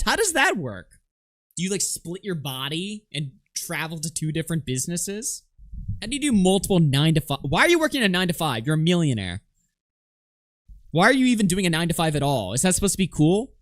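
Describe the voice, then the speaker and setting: A man's voice: a little high, big pitch swings, a little fast, no echo, clean studio sound. A man streaming live, reacting to clips with sarcastic, laughing commentary. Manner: mocking, sarcastic, laughs a lot.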